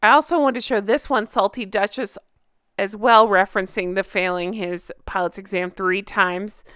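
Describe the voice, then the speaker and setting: A woman's voice: medium pitch, fairly even intonation, normal speed, fairly bright tone, smooth, no room sound, studio quality. A woman co-hosting a casual commentary show, reading out social media posts and reacting with amusement. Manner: amused, laughing often. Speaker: co-host.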